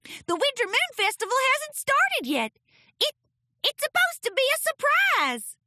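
A woman voicing an excitable little filly pony, a young girl who talks in high, eager exclamations. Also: a little slow, full character voice. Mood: anxious eager.

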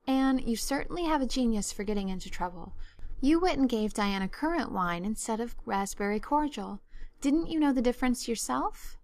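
A woman voicing a stern, brisk older woman guardian who speaks in a sharp, clipped, no-nonsense way. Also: fairly high pitch, lively intonation, dry recording.

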